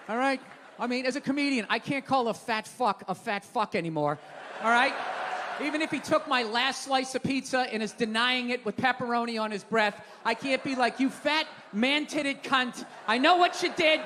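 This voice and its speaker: A man doing a stand-up comedy set on stage, sardonic and profane, building into loud exasperated rants. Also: very high-pitched. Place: large live venue with audience. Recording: reverberant hall with crowd and noise.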